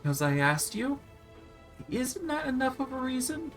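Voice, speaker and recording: A man's voice: very high voice, sing-song, unhurried, a bit bright, soft background music, voice pushed up, exaggerated voice, rough recording. A man voicing a vain, petulant female demon queen in a video game, whiny and clumsily flirtatious. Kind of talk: reading game dialogue aloud on stream.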